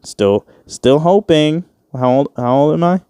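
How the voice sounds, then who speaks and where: This twenties-aged podcast host talks alone, loose and jokey, cursing often and doing voices for the people he quotes. His pitch sits fairly high and his delivery is animated yet unhurried, with a dark, clean tone. It's a dry, studio-quality recording.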